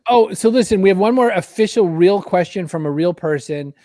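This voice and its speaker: A man from Maine hosting a casual interview, loose and joking with quick interjections. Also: high voice, animated, dark tone, no echo. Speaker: host.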